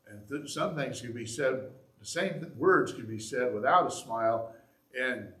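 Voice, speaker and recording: Animated preacher man, echoey room. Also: medium pitch, normal speed. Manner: animated, acts out examples with shifts in loudness. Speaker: pastor. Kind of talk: sermon.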